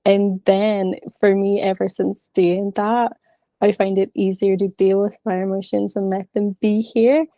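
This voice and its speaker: A woman's voice: medium pitch, flat delivery, measured pace, warm tone, no room sound. A woman in her thirties sharing openly and chattily in an online class, with plenty of filler words. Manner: frank, chatty, many fillers. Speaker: class participant.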